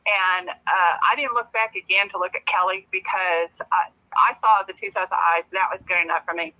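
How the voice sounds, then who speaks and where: A woman guest telling a personal story in a casual, lively way, laughing often as she talks. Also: fairly low pitch, moderate pace, lo-fi sound.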